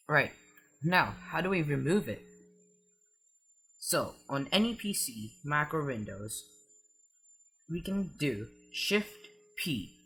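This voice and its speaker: Bright-voiced man explaining software steps. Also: on the high side, slight background noise. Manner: explains step by step with frequent "so". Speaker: tutorial host. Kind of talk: screen-recorded software tutorial.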